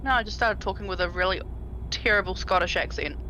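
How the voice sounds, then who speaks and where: A woman's voice: mid-range voice, quick pace, bright, forceful tone, a little hiss or hum, low-quality recording. A woman streaming a driving game, chatting casually and bluntly with friends while cursing freely. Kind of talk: casual gaming chat.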